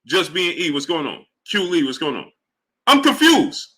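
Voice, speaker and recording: Male sports stream host, high bright voice, exasperated and rhetorical, mutters shout-outs to chat. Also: sing-song, moderate pace. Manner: exasperated, rhetorical, repeats himself; drops to low mutter greeting chatters. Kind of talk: live stream commentary, reading chat.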